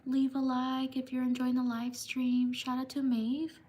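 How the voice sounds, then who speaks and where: High-voiced woman giving slow shout-outs. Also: completely flat delivery. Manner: slow, repetitive name-reading. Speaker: livestream host.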